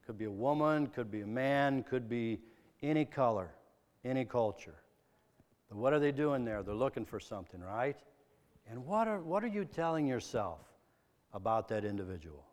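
A preacher from the American Midwest giving a sermon, asking probing, earnest rhetorical questions. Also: male voice, mid-range voice, lively intonation, moderate pace, a little mellow, in a large hall.

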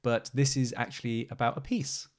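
A man's voice: mid-range voice, steady tone, normal speed. Chatty young man co-hosting a podcast. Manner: chatty, rambling, laughs easily. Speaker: podcast co-host. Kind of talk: casual chat.

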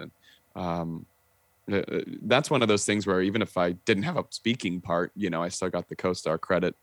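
A young man with a low voice chats as a podcast guest, telling stories with animation and acting out what people said, peppering them with "like" and casual swearing. The audio is dry and close, with no room sound.

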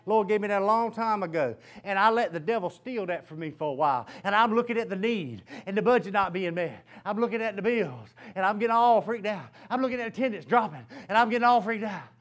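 Man, pastor, high voice, lively sermon storytelling, laughs as he talks. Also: fast talker, hardly any pauses. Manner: animated storytelling, often laughing mid-sentence.

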